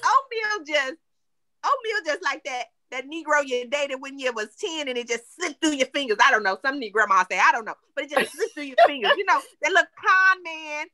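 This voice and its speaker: A woman co-host chats on a podcast. Her voice sits high and bright, with big swings of pitch. The sound is close and dry. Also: a little fast, no room sound. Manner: animated, playful storytelling with frequent laughter. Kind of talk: casual chat.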